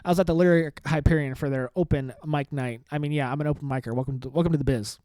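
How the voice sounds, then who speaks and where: A male comedian hosts his podcast alone and rambles in a sarcastic, self-mocking way. His voice sits a little high. The sound is dry and close. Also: steady tone, fast, warm tone, no room sound. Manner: sarcastic, self-mocking, says "dude" often. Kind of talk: rambling solo podcast sign-off.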